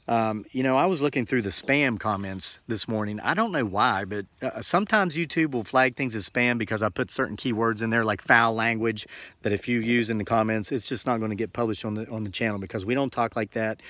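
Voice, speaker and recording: A man's voice: medium pitch, fairly bright tone, no room sound. An American man giving an earnest, rambling motivational talk into a handheld phone, repeating himself for emphasis. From United States. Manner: earnest, rambling and repetitive, with many fillers. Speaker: homesteading vlogger.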